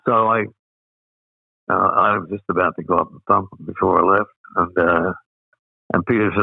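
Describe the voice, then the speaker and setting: Australian guy, older, lots of uh's and pauses telling old stories, sounds like a phone call, gravelly. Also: deep voice, no echo. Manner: rambling, many pauses and fillers. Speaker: interview guest. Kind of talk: anecdotal storytelling.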